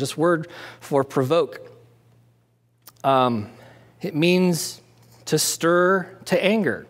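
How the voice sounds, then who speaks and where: A man's voice: a little high, drawn-out words, long pauses, long reverb tail. A man preaching a conversational sermon as pastor, with demonstrations.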